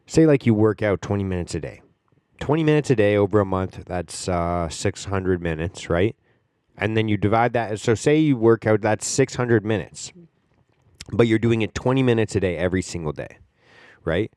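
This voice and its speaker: Rambling low-voiced man, dry sound. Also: animated, normal speed, darkish tone, no room sound. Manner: rambling, filler-heavy, casual swearing. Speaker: podcast host. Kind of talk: casual monologue.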